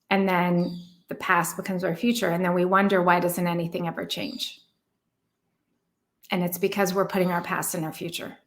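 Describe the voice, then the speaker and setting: This woman's medium-pitched voice has a slightly bright quality as she delivers a relationship coaching monologue. Earnest and reflective, she leans on rhetorical questions and slows her delivery to emphasize words.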